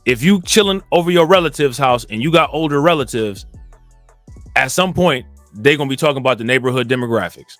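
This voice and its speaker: A man from Cleveland talking in a casual, rambling commentary monologue. He often repeats filler phrases and gets more animated when indignant. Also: mid-range voice, fairly quick, dry recording, faint music behind. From Cleveland, Ohio. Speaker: commentary channel host.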